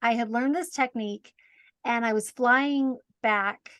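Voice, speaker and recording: Animated, laughing woman telling a story. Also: on the high side, a little slow, no echo. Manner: animated, self-mocking, laughs often. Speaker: podcast guest, hypnotherapist. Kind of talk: casual storytelling.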